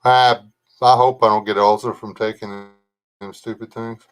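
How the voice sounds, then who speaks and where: A man's voice: fairly low pitch, steady tone, moderate pace, smooth, faint music behind. An older man, rambling casually as he hosts a livestream, greeting viewers by name and chatting about his family. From Texas. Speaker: livestream host. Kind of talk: casual live chat reading comments.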